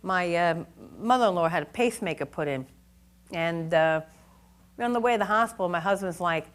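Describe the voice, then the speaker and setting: A woman's voice: fairly low pitch, moderate pace. Middle-aged woman instructor; casual, folksy lecture voice, acts out bits of dialogue. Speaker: nursing exam review instructor. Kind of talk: lecture with personal anecdotes.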